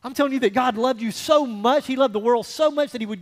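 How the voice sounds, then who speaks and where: A male pastor giving a conversational, animated sermon with folksy asides to the congregation. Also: very high voice, fast, big-room sound.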